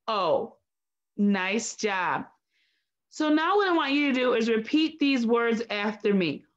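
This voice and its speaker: A woman teaching a recorded phonics lesson to young children, slow, clear and encouraging. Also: on the high side, lo-fi sound.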